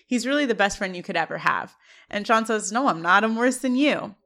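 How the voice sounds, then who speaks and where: Bright-voiced woman recapping an episode. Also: medium pitch, lively intonation, a little fast. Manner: retells scenes, quoting the characters' lines; laughs often while recounting. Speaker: podcast co-host. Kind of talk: scene-by-scene recap.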